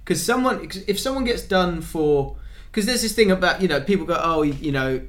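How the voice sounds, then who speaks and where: A man leads a casual football podcast. He sits a touch higher in pitch than most men. He tells anecdotes animatedly and acts out what people said. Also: brisk. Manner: animated storyteller, acts out quotes. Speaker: podcast host.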